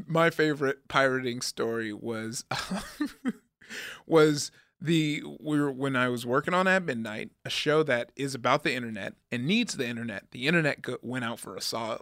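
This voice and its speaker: A man's voice: medium pitch, fairly bright tone, no room sound, clean studio sound. A man co-hosting a podcast in casual chat, rambling and joking, with frequent restarts. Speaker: podcast co-host.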